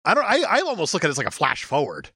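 A man's voice: a little high, huge pitch swings, rapid-fire, sharp tone, breathy edge, dry recording, clean studio sound. A man co-hosting a podcast, chatting casually about a film, musing and trailing off mid-thought. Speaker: podcast co-host.

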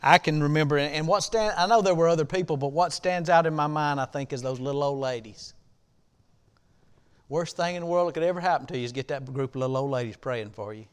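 A middle-aged man preaching a sermon in a church, repeating a question like a refrain and building from quiet reflection to impassioned shouting. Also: a little high, quick pace, smooth. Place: church sanctuary.

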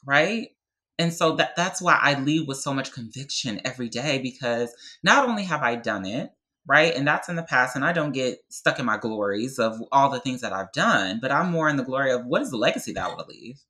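A woman's voice: rumbling low, animated, brisk, bright, forceful tone, poor audio. A young adult woman speaking with passion and conviction as a podcast guest, often checking in with "right?". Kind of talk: heartfelt podcast conversation.

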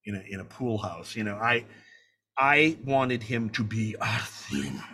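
A man telling a story in a conversation, animated and profane, acting out the people he talks about. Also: on the low side, a little slow, slightly rough. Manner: animated, profane, acts out the people in his stories. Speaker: guest filmmaker.

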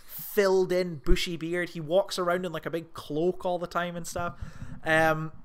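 A man co-hosting a casual film podcast, rambling and excitable, swearing often as he talks. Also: high-pitched, normal speed, clear, resonant tone. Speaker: podcast co-host.

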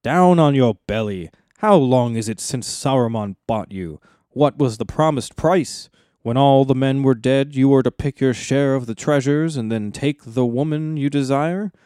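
A stern old wizard rebukes a traitor in a loud, commanding voice, as a man reads him aloud. The tone is dark and firm, recorded close and dry. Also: medium pitch, moderate pace, dry recording, natural voice. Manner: commanding, accusing.

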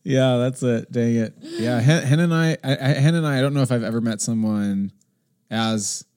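A man in his thirties on a podcast, telling a story in casual chat and acting out the other people in high voices. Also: moderate pace, a little mellow. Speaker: podcast co-host.

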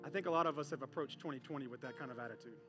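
A man's voice: medium pitch, racing, music in the background. A man preaching a sermon, telling a story with humor and acting out the people in it. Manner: animated storytelling, acting out characters with voices. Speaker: pastor.

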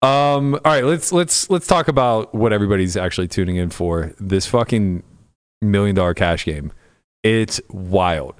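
A man's voice: on the low side, animated, moderate pace, dry recording. Profane laughing man in his forties. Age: 40s. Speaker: podcast host. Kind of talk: casual podcast chat.

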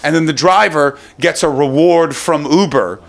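A man's voice: fairly high pitch, normal speed, vocal fry. Young man telling a sweary comic story. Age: young adult. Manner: swears often, laughs at own stories, shifts into quoted voices.

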